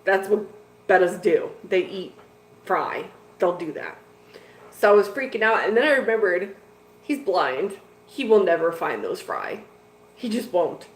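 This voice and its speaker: A woman's voice: medium pitch, animated, unhurried, long pauses. Chatty woman in an echoey room. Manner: rambling and chatty, with lots of "like" and "dude". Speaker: host of a fish-keeping live stream. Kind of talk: casual live-stream chat, answering viewers. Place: home room with fish tanks. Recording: echoey room with faint noise.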